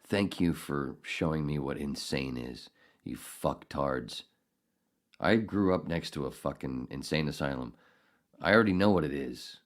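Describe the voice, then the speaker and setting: A man's voice: extremely low pitch, lively intonation, unhurried. A man hosting a solo podcast, ranting angrily and sarcastically with heavy profanity. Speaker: podcast host.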